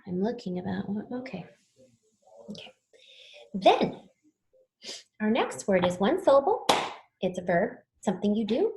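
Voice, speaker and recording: A woman's voice: mid-range voice, very animated, unhurried, gravelly, pauses often, roomy sound, background noise. A woman teaching a spelling lesson to children, patiently sounding words out letter by letter.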